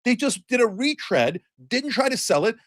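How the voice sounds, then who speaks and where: A man's voice: very high voice, sing-song, normal speed, a bit bright, no echo. A man delivering heated, sarcastic political commentary as the host of a talk show, ranting with emphasis.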